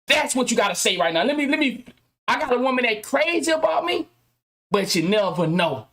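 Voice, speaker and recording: This podcast host speaks in a very high, sing-song voice with a sharp tone, at a fairly quick clip. Ranting to his viewers, he uses casual slang, swears a lot and keeps starting over.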